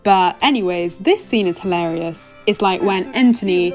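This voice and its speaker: Chatty young woman, mid-pitched, rambles casually through an anime review, faint music underneath. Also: normal speed. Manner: rambling and chatty, full of "like" and "oh my gosh".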